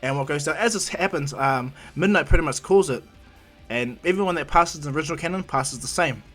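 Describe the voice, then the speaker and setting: A man's voice: a little high, fairly quick, fairly bright tone, faint music behind. A man casually retelling a fan-made story, rambling with many restarts and acting out the characters' lines.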